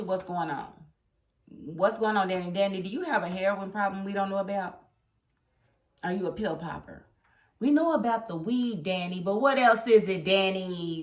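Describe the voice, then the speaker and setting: Sassy animated woman reviewing TV. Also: fairly low pitch. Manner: animated, sassy, talks back at characters. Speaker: TV episode reviewer. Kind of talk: casual chat.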